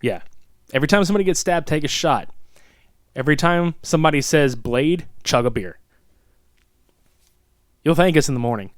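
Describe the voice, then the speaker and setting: A man co-hosting a podcast in casual chat, profane and animated, laughing often. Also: fairly high pitch, normal speed, pauses often, no room sound, clean studio sound. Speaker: podcast co-host.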